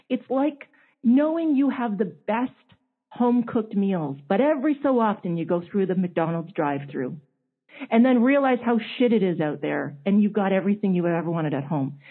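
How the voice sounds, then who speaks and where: A woman's voice: mid-range voice, husky. A woman in her forties telling a personal story in candid chat, emotional and confessional, acting out others' words. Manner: emotional, confessional, quotes others in animated voices. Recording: tinny phone-line audio.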